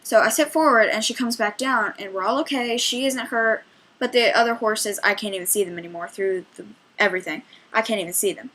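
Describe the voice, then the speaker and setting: A young woman guiding trail rides recounts one in a storytelling vlog, rambling chattily and acting out lots of quoted exchanges. The audio is poor; her voice runs a little high, brisk, pushed and bright.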